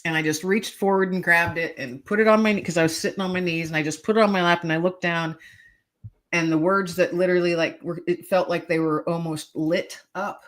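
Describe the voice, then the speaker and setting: A woman's voice: on the low side, fairly even intonation, fairly quick. A middle-aged woman, a podcast guest, telling a personal story earnestly and emotionally, with hesitant restarts.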